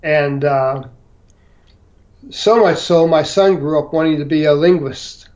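Slow, halting older man. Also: a little high, darkish tone, dull audio. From St. Louis, Missouri. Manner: halting, many fillers and restarts. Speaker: interview guest. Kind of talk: storytelling interview.

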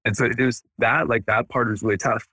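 Podcast guest: energetic dentist in his 30s, bright forceful voice, dry close sound. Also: medium pitch, a little fast, husky, no room sound. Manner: energetic, animated, acts out quotes. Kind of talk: casual podcast interview.

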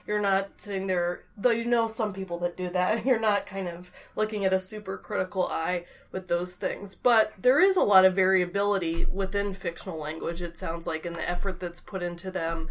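Podcast host: woman, mid pitch, chatty and easygoing. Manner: chatty, laughs easily. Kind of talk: podcast interview.

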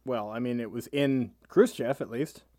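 A man's voice: medium pitch, normal speed, a little mellow, no echo, clean studio sound. A man co-hosting a comedic podcast, answering the story with wry, sarcastic quips. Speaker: podcast co-host reacting. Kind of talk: casual comedic podcast chat.

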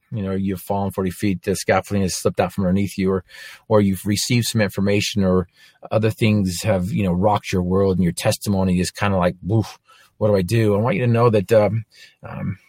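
A man's voice: deep voice, husky, no echo, clean studio sound. A man in his forties giving an earnest faith testimony, telling his story with frequent restarts. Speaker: inspirational speaker.

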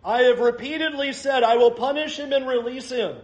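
A man's voice: extremely high pitch, lively intonation, normal speed, darkish tone, highs cut off, voice pushed up. A man voicing an exasperated, pleading male Roman governor who keeps asking incredulous questions. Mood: defensive. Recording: roomy echo.

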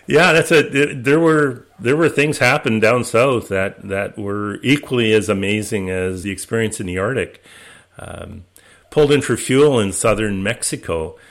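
A man, guest of an interview, telling his voyage stories in a relaxed, anecdotal way with many restarts. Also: lowish voice, measured pace. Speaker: interview guest, expedition skipper. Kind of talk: relaxed storytelling.

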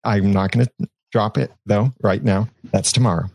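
Male podcast co-host, low voice, steady explainer, dry close sound. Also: normal speed, breathy edge, no room sound, low-quality recording. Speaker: podcast co-host and award sponsor. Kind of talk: casual podcast chat.

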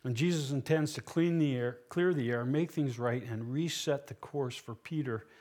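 A man preaching a sermon as pastor, earnest and emphatic, asking rhetorical questions and dropping low and soft for solemn passages. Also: moderate pace.

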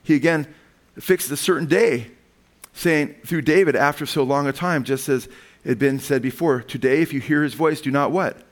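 A man preaching a sermon who reads scripture aloud, asks the congregation "amen?" and "what?" in call-and-response, and breaks into animated asides. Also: a little high, normal speed. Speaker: pastor.

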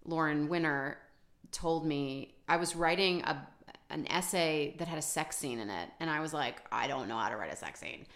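A woman's voice: low voice, moderate pace, a bit bright. A woman author talking casually in a podcast conversation, chatty and self-deprecating, with many restarts and fillers. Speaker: author guest.

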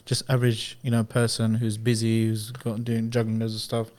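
A man's voice: lowish voice, moderate pace. A man hosting a podcast, chatting casually and easily, with loose fillers and trailing sentences. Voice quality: relaxed, chummy, trailing off with fillers. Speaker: podcast host. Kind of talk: casual chat.

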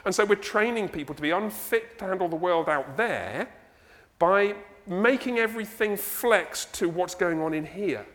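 A man with an English accent preaching a sermon as pastor, animated and conversational, full of rhetorical questions. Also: high-pitched, normal speed, long reverb tail. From England. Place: church sanctuary.

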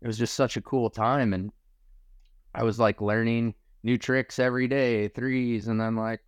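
A relaxed man in his forties, raised in Michigan, recalls his past in an easy, rambling way, dropping casual swears and calling people dude. His voice is smooth and clean, and the sound is dry and close. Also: mid-range voice, normal speed, dry recording. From Michigan, USA. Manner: laid-back, swears casually, says dude and bro. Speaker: podcast guest, skier. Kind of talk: casual storytelling chat.

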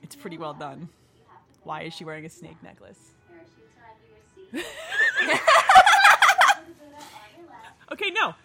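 Woman riffing on a movie, bright, snarky, lots of laughs. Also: sits low, sing-song, fairly quick, creaky, soft background music. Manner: swearing, snarky, laughs often. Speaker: movie commentator. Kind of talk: casual movie-watching chat.

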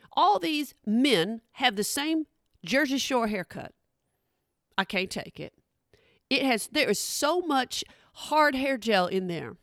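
A woman's voice: on the high side, fairly bright tone, no room sound, clean studio sound. A woman doing a stand-up comedy routine, chatty and calling her audience y'all. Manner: chatty, addresses the crowd as y'all. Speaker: stand-up comic.

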